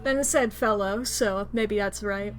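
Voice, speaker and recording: A woman streamer giving animated, swearing, laugh-filled commentary while playing a game. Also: mid-range voice, measured pace, faint music behind. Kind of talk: casual let's-play commentary.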